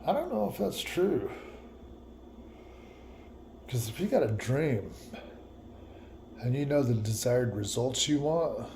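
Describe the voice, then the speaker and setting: A man's voice: mid-range voice, very animated, slow pace, pauses often, a little mellow, slight background noise. A man vlogging a reflective personal monologue, musing and repeating himself, with laughs at his own words.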